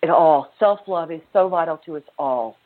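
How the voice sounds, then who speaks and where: A woman's voice: low-pitched, normal speed. A woman author and self-love teacher, a guest telling her story in earnest, with the odd laugh. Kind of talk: conversational interview storytelling. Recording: narrow phone-line sound.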